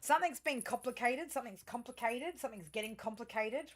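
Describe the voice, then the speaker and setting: A woman's voice: a little high, fairly quick. A woman giving a casual tarot and astrology reading, talking straight to her viewers in a rambling, profane, chatty way, full of fillers and restarts. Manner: chatty, self-interrupting, frequent fillers.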